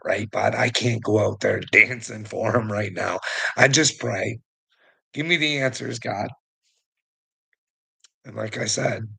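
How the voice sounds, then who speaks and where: A man's voice: fairly low pitch, vocal fry, a bit bright, breathy edge, rough recording. A man giving rambling casual commentary to a viewer, chuckling often and swearing freely. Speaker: online commentator.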